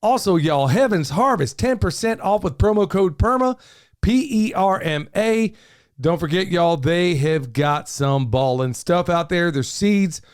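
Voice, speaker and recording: A man's voice: fairly high pitch, clear, resonant tone. A middle-aged man, hosting a casual podcast in an upbeat, folksy way. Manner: folksy, upbeat, says "y'all" often. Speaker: podcast host.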